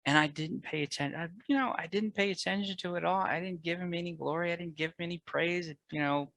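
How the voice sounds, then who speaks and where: A man talking earnestly as a podcast guest about his marriage and his faith, getting loud and fervent at times. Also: on the high side, fairly even intonation, fast talker, creaky, no room sound, rough recording. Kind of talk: candid personal conversation.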